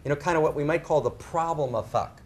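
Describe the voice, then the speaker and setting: A middle-aged man speaking to a live audience, emphatic, often tagging his phrases with "right?" and slowing down to stress key words. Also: fairly high pitch, a little hiss or hum. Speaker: speaker on spirituality and sexuality. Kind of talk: animated talk to a live audience.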